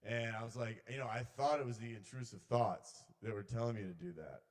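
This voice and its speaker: A man doing a rambling, swearing stand-up set at an open mic in a small bar. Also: fairly quick. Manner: rambling, swearing, shouts the intrusive voices loud and high. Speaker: comedian.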